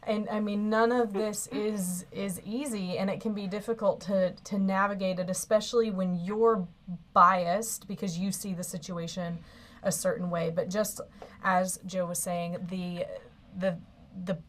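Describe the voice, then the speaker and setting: A woman co-hosting an advice talk, speaking thoughtfully with halting restarts. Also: mid-range voice, fairly even intonation. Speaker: co-host.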